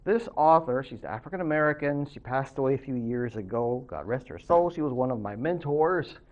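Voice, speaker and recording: Chatty man giving a lively lecture. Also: medium pitch, fairly quick, muffled recording. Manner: chatty, joking asides. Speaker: professor. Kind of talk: recorded college lecture.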